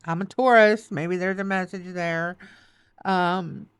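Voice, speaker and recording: A woman's voice: lowish voice, fairly even intonation, slow, smooth, no echo. A woman giving a tarot reading, choked up and tearful, repeating soothing affirmations. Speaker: tarot reader.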